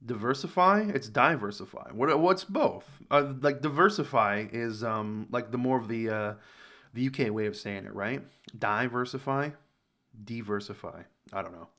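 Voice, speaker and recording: An American man hosting a reaction video, thinking aloud in casual commentary, rambling and jumping into sudden high exclamations. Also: moderate pace. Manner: rambling, thinks aloud, animated jumps in pitch.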